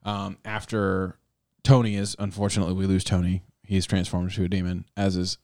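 A man's voice: low-pitched, little pitch movement, brisk, a little mellow, no echo, studio quality. A man hosting a casual movie-review chat who laughs often, swears freely and rambles.

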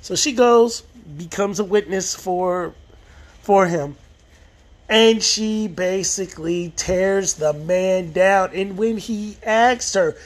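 Speaking slowly in a high-pitched voice, a male TV show reviewer gives a loose, casual recap of an episode. He rambles, frequently backs up to restart phrases, and performs the quoted lines as he goes.

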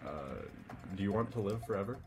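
A young man hosting a podcast, rattling through quick questions with lots of "uh" fillers and easy laughter. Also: fairly low pitch, level tone, music in the background. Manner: laughing easily, many "uh" fillers. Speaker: podcast host. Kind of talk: casual chat, rapid-fire question game.

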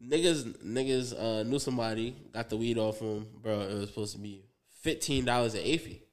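A man's voice: medium pitch, a little fast. Young man telling a slangy story. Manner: slangy, profane, animated storyteller; loose, rambling asides with frequent fillers. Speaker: podcast co-host. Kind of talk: casual storytelling.

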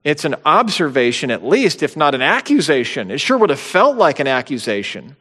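A man's voice: a little high, big pitch swings, brisk, a bit bright, husky. A man preaching a sermon, conversational teaching with bursts of dramatic quotation. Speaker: pastor. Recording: long hall reverb.

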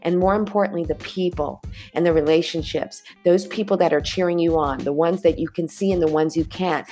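A woman's voice: on the low side, fairly even intonation, a little fast, few pauses, dark tone, soft background music. A woman giving a sassy, emphatic motivational talk, often repeating her phrases.

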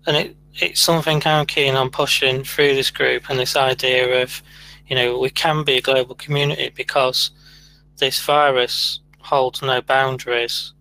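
Bright, flat-voiced podcast host. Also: male voice, medium pitch, normal speed, creaky, slight background noise, poor audio. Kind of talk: casual chat.

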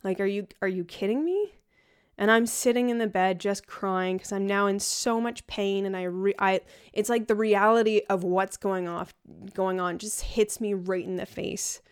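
A woman's voice: medium pitch, smooth. A young woman candidly recounting her hospital stay in a personal video diary, emotional and at times tearful. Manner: candid, emotional, storytelling with quoted dialogue. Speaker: patient telling her hospital story.

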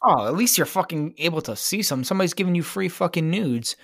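A man's voice: a little high, animated, fast talker, no echo, clean studio sound. A man co-hosting a podcast, bantering casually with lots of swearing. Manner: profane, laughing banter. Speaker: podcast co-host. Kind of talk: casual chat.

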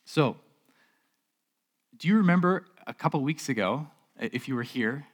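A man's voice: medium pitch, animated, moderate pace, husky. A male pastor delivers a sermon from a church stage in a middle-range voice. He talks loosely and conversationally, often restarting or repeating a word. He keeps drawing in the congregation with rhetorical questions.

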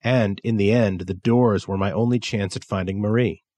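Low-voiced male story narrator. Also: no room sound. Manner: measured, steady storytelling. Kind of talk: scripted narration.

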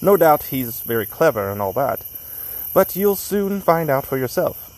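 A man's voice: fairly high pitch, sing-song, unhurried, heavily acted, rough recording. A man voicing a hearty, friendly young male oarsman in a story read aloud. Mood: breezy. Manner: jovial, clubby chatter.

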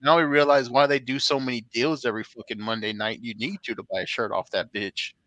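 A man's voice: mid-range voice, fairly even intonation, fast, fairly bright tone, dry recording, poor audio. A man hosting a casual podcast, who banters, teases his co-hosts and laughs often. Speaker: podcast host.

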